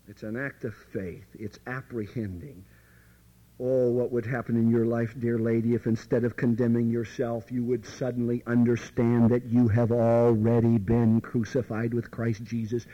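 A man's voice: mid-range voice, dark tone, dull audio. A man preaching a sermon with dramatic emphasis, addressing the listener directly and sometimes dropping to near whispers.

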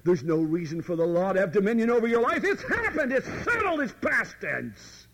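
A man's voice: high voice, big pitch swings, moderate pace, a bit bright, rough recording. A man preaching a sermon with dramatic emphasis, addressing the listener directly and sometimes dropping to near whispers.

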